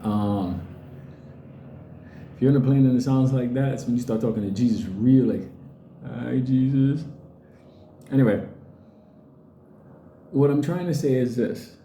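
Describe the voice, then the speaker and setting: A middle-aged man talks straight to his viewers in a blunt, swearing rant and slips into quick impressions of other people. His voice is very dark and mellow, and it bounces around an echoey room. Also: mid-range voice, a little hiss or hum. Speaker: crypto video host. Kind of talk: casual profane rant to viewers.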